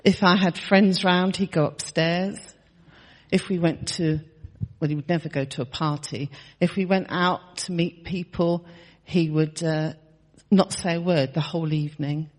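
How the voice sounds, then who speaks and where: A woman's voice: fairly low pitch, fairly even intonation, a little slow, in a large hall. A woman in her sixties telling a personal testimony in a chatty storytelling way, laughing often and restarting her sentences. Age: 60s. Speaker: church member sharing testimony.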